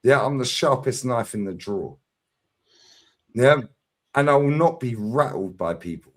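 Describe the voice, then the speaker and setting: A middle-aged man, mid-rant on a livestream debate. His pitch swings widely as he argues, punching out points and tagging them with a pushy "yeah?". The delivery is combative and relentless. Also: lively intonation, a little slow. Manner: combative, emphatic, constant "yeah?" tags. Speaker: fan channel streamer.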